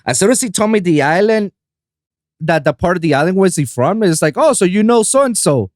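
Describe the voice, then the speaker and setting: Animated storytelling man from Puerto Rico. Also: high-pitched, fairly quick, no echo, studio quality. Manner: animated, acts out quotes, swears casually. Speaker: podcast host. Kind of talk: casual storytelling chat.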